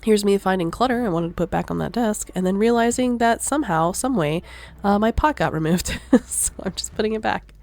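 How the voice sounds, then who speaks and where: Brief: young woman, casual gameplay voice-over, rambling and laughing, mid pitch, soft music behind. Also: a little fast, creaky. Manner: chatty, rambling, laughs often. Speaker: gaming vlogger.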